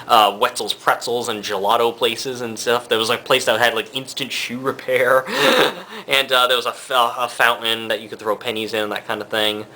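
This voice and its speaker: Rambling young man with a bright voice. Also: mid-range voice, moderate pace, slight background noise. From Rhode Island. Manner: rambling, many fillers, chuckles. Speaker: vlogger. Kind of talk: casual chat.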